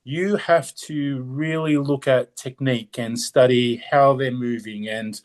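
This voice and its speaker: This Australian-accented man co-hosts a podcast, chatting in an unhurried way with a medium pitch and steady tone. He's talkative and rambling, frequently going off on tangents.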